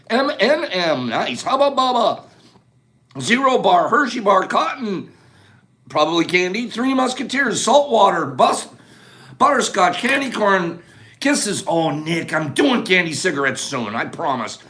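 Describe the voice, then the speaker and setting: A man with a high, lively voice hosts a relaxed live chat. He calls things out fast and playfully and banters with his viewers. His pitch swings all over as he talks. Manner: rapid list-calling, animated and playful. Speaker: livestream host.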